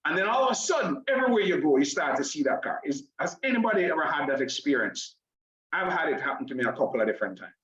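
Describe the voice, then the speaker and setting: A man hosting an online motivational class over a video call, energetic, tacking "right?" onto nearly every phrase and calling on the audience in the chat. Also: on the high side, fast. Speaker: online class host and coach. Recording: dull, echoey video call audio.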